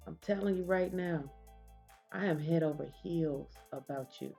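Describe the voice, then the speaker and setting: A woman voicing a smooth-talking young man who is confident and sweet on his friend. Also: low-pitched, unhurried, warm tone, soft background music. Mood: tender.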